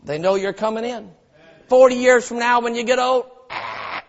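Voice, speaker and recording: A man preaching a sermon as pastor, telling stories and swinging from quiet asides to loud shouted lines. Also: extremely high pitch, fairly even intonation, normal speed, slight background noise. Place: church auditorium. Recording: dull sound with long hall reverb.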